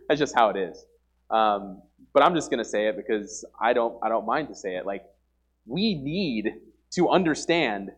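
Preaching informally to his congregation during a church service, this young man is earnest and emphatic, often saying things twice and filling gaps with "like." He has a mid-range, animated voice at normal speed, pausing often, with a slightly rough sound.

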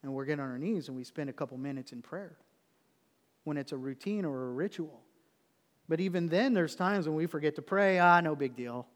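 A fairly high-voiced man preaches to his congregation, talking earnestly and plainly as if to friends. He sometimes drops to a near-hush to make a point. His voice rings with the long reverb of a church hall. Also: a little fast. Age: adult. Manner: earnest and conversational, dropping to a hush for tender points. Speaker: pastor. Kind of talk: sermon.

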